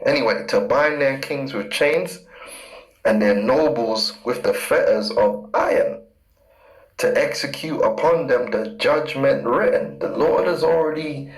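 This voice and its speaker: Brief: man in the middle pitch range, emphatic scripture teacher, repeats for impact, echoey room. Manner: emphatic, repeats key words, reads verses slowly. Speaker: street preacher. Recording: roomy echo.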